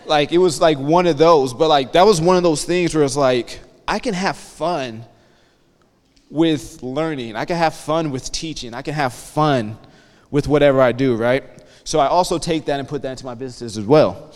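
Energetic man talking in a reverberant hall. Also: a little high, normal speed. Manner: energetic storyteller, checks in with the audience. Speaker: guest speaker. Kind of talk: motivational talk to students. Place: campus hall.

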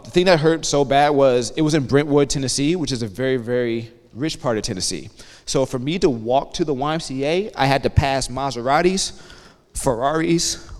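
An energetic man in his thirties speaks to a room of students at a middle pitch, spinning stories and checking in with "okay?" as he goes. His voice rings out with a long hall reverb. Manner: energetic storyteller, checks in with the audience. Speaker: guest speaker. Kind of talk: motivational talk to students. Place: campus hall.

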